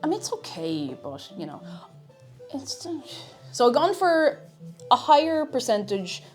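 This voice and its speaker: Woman streamer, chatty and playful at her home kitchen, very animated pitch. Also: measured pace, faint music behind. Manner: playful, rambling, reads out chat messages. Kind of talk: casual live-stream chat while cooking.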